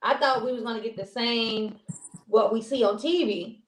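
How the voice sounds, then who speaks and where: A woman's voice: on the high side, moderate pace. A woman co-hosting a casual talk show, rambling and chatty with many restarts. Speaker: co-host. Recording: roomy echo.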